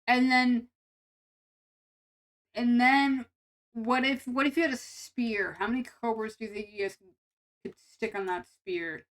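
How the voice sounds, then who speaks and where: A woman's voice: on the high side, steady tone, a little slow, pauses often, fairly bright tone. A young woman streamer with a nasal voice, chatting casually and rambling with her viewers, full of restarts and giggles. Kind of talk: casual live-stream chat with chat.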